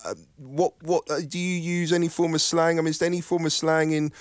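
A man's voice: a little high, level tone, a little fast, dry recording, clean studio sound. A man hosting a casual interview, asking musing, hesitant questions and recalling things aloud. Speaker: host.

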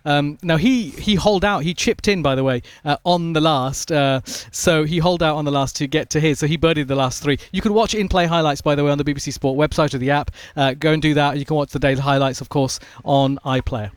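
A man's voice: fairly high pitch, fairly quick, few pauses, clear, resonant tone, no room sound, clean studio sound. A man reporting on golf in a chatty radio sports discussion, telling stories with lots of fillers. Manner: animated storytelling, frequent fillers.

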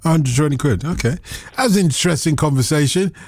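A man's voice: a little high, fast talker, no room sound, studio quality. A man hosting a radio phone-in, chatting casually and teasing his callers.

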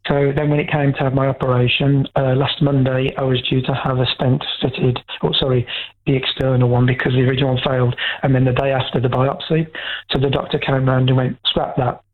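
A man's voice: medium pitch, little pitch movement, a little fast. A man calling into a radio phone-in, speaking frankly and rambling with restarts. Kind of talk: candid phone-in call. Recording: tinny phone line.

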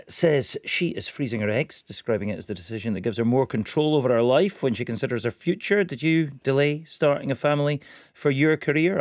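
A man's voice: medium pitch, no echo, clean studio sound. A man presenting live breakfast radio, joking and teasing his co-hosts. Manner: jokey, teasing banter. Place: radio studio.

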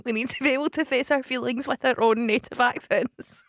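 A woman with a Glaswegian accent co-hosting a casual chat, playful and quick to laugh. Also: sits high, steady tone, no echo, studio quality. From Scotland. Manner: giggly, playful, often breaks into laughter. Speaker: podcast co-host.

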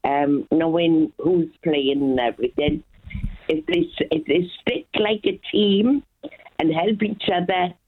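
A woman's voice: lowish voice, dry recording. A woman calling into a radio show, chatty and fond, sometimes singing a bit. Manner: chatty, fond, sings a little. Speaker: caller. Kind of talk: phone-in call. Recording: phone line.

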